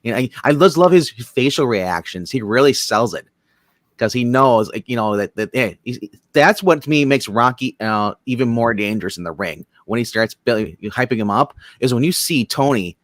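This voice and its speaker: A man's voice: medium pitch, expressive, no echo. A man co-hosting a movie show, jumping in eagerly with enthusiastic points about a film. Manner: eager, enthusiastic, quick to jump in. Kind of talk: casual film discussion.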